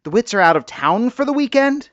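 A man voicing a cheerful young wife, speaking higher and livelier than his own voice, on a dull recording. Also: animated, normal speed, no room sound, natural voice. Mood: alarmed.

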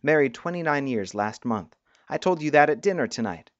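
A man voicing a curious, wary young woman with quick, skeptical retorts in a storybook reading. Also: mid-range voice, expressive, dry recording, highs cut off, close to an everyday voice.

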